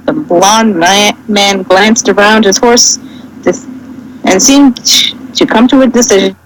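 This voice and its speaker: A woman's voice: mid-range voice, measured pace, slight background noise, low-quality recording. A woman reading a fanfic aloud as a podcast co-host, casual and comedic, often stumbling and correcting herself.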